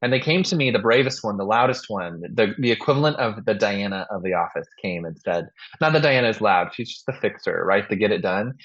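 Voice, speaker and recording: Animated man telling stories on a podcast. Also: fairly low pitch, a little fast, hardly any pauses. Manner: animated, acts out voices in his stories. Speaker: podcast host. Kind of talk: casual podcast storytelling. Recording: dull, muffled lo-fi sound.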